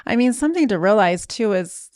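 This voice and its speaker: A woman running for office, answering interview questions in a measured, practical way and thinking aloud with fillers. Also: medium pitch, animated, a little mellow, dry recording, studio quality. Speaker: political candidate, interview guest.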